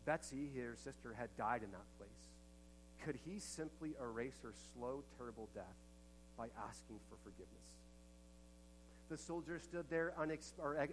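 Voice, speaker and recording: An earnest male pastor delivering a sermon at a mid-range pitch. He moves between hushed, intimate passages and emphatic, impassioned ones, with a faint hum behind him. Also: animated, normal speed, rough recording.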